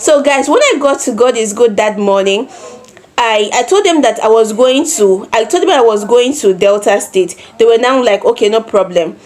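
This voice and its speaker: A Nigerian woman in her twenties telling a personal story in a vlog, animated, with repeated phrases and acted-out quotes. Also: a little high, normal speed. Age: 20s. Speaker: vlogger.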